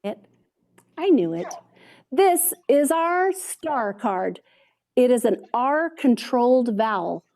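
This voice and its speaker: A woman modeling a phonics lesson for children over a video call, drawing out word sounds slowly and praising often. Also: sits high, warm tone. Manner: slow, drawn-out sounding out of words with frequent praise. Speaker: reading teacher.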